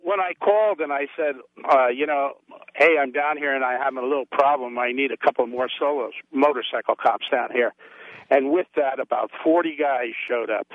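A man's voice: medium pitch, normal speed, no room sound. A man calling into a radio talk show, a former police officer telling his story in a blunt, tough-talking way. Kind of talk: call-in storytelling. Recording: tinny phone line.

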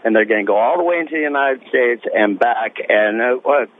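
A man's voice: mid-range voice, a little fast. A man calling in to a radio show, talking plainly and hesitantly about his worries. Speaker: caller, long-haul truck driver. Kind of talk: call-in radio talk. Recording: tinny phone line.

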